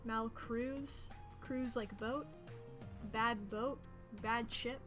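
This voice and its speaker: A woman streaming a detective game, who reads its dialogue aloud and chats casually, joking and thinking out loud. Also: fairly high pitch, fairly even intonation, extremely slow, over music. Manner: chatty, jokey, thinks out loud.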